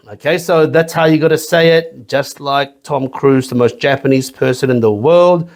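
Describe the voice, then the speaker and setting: A man's voice: medium pitch, expressive, normal speed. Joking, foul-mouthed man reviewing whisky. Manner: joking, profane, rambling. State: sweating in the heat. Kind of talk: casual review chat. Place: small home studio.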